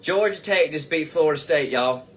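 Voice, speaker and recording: A man's voice: on the high side, normal speed, husky. A young man hosting his own live comedy stream, reading fan comments aloud and answering them in a rambling, profane, casual way. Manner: rambling and profane, with frequent restarts. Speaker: comedian host of a live show.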